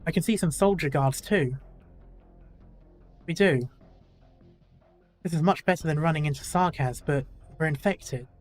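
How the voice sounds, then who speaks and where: A man's voice: fairly high pitch, a little slow, pauses often, faint music behind. A male gaming YouTuber reading a game's story dialogue aloud in a casual way, with self-deprecating asides.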